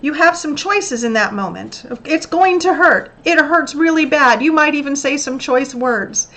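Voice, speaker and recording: A woman's voice: high voice, expressive, a little slow, a bit bright. A woman hosting a motivational self-help talk, coaching listeners earnestly and acting out little examples. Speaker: host.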